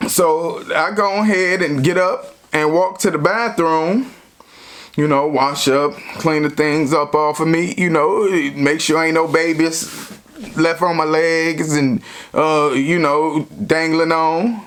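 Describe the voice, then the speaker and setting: A man's voice: on the high side, fairly even intonation, takes it slowly, a bit bright, clear, resonant tone. A man telling a personal story in a casual, rambling way, full of slang and constant "you know" fillers.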